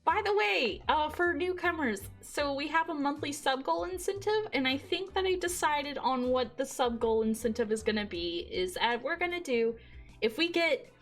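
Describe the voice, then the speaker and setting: Excitable giggly streamer girl thanking chat, voice jumps all over, music on. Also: high voice, normal speed. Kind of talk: casual chat with stream viewers.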